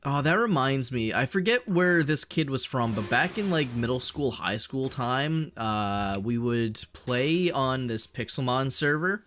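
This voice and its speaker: A man's voice: mid-range voice, a little slow, few pauses. Profane Canadian guy rambling on stream. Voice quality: monotone. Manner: rambling, profane, jokey, reads and answers chat. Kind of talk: casual live-stream chat.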